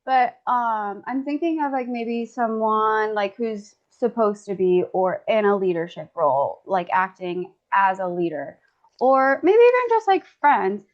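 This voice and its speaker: A woman's voice: medium pitch, expressive, measured pace, muffled recording. A woman chatting casually, rambling with many "like" fillers and laughing often. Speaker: guest discussant. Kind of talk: casual chat.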